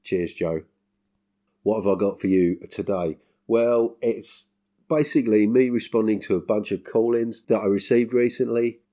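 A man's voice: on the low side, steady tone, normal speed, dark tone. An English man hosting his podcast in a casual, self-mocking monologue, chuckling often. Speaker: podcast host.

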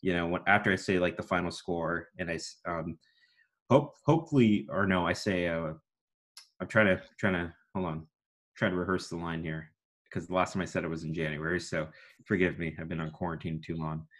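A young man with a notably deep, low baritone talks at length as a podcast guest. He rambles and pokes fun at himself, now and then breaking into a booming announcer style. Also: steady tone, a little fast, fairly bright tone. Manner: rambling, self-deprecating, with sudden announcer-style bursts. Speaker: guest, student broadcaster. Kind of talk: casual podcast chat.

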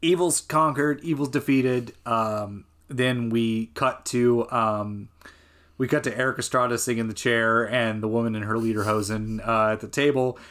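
A man co-hosting a podcast, chatting loosely about a film. He rambles, restarts his sentences and fills the gaps with "um" and "like." His pitch sits in the middle of the range for men. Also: steady tone, moderate pace, a bit bright. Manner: rambling, many fillers and restarts. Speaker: podcast co-host. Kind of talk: casual film discussion.

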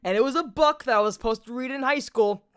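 A man's voice: very high voice, quick pace, clean tone. A nineteen-year-old man in casual chat, swearing freely and rambling with lots of restarts. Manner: profane, animated, rambling with restarts.

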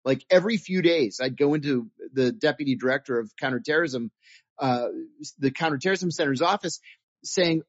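A former intelligence officer telling stories in an interview, earnest and animated, often restarting his sentences. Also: fairly high pitch, fairly quick, no room sound. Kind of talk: interview storytelling. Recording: dull dry lo-fi audio.

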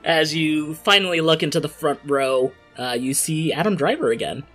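A game master narrating an improvised comedy tabletop scene, laughing often between quick asides. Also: medium pitch, a bit bright, breathy edge, soft background music.

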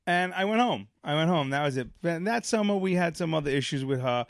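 A man from Brooklyn telling a story in casual chat, rambling and animated, full of fillers and acted-out quotes. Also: on the high side, a little fast, dry recording, clean studio sound. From Brooklyn, New York. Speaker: podcast co-host.

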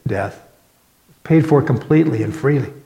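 A pastor delivers his sermon in an earnest voice of middling pitch, leaning on dramatic pauses. The sound rings around a large room, with a long reverb tail behind every phrase. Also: animated, gravelly, dark tone. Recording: echoey hall with long reverb.

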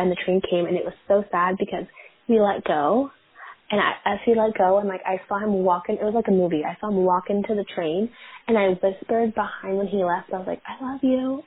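A woman's voice: medium pitch, steady tone, a little fast, slightly rough. A woman in her twenties chatting casually as a guest, full of "like" fillers. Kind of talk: casual chat. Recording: phone-like narrow sound.

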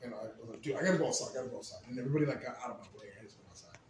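A young man telling a long, profane story in a casual podcast chat, getting loud when he quotes himself. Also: medium pitch, very fast, a crowd in the background. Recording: roomy echo, faint ambient noise.

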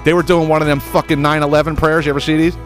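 Profane, animated man telling a story. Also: fairly high pitch, rapid-fire, soft background music. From United States. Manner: profane, animated, stammering restarts. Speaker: podcast host. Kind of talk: comedic storytelling monologue.

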